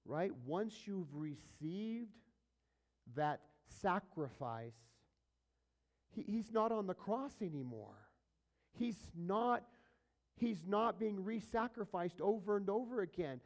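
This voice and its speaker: A male pastor teaching a verse-by-verse sermon, casually asking his listeners questions and moving between quiet asides and louder emphatic passages. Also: high voice, animated, slow. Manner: conversational preaching, asks the audience questions, swings between soft and loud.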